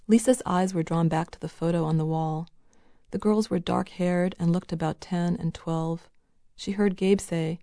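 Low-voiced woman reading a novel. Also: steady tone, a little slow, vocal fry, dark tone, no room sound, clean studio sound. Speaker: audiobook narrator. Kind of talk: scripted narration of a novel.

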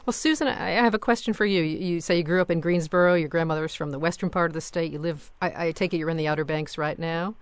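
A woman from Connecticut hosting a radio call-in show, greeting callers and asking quick questions. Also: on the low side, clean tone, no room sound.

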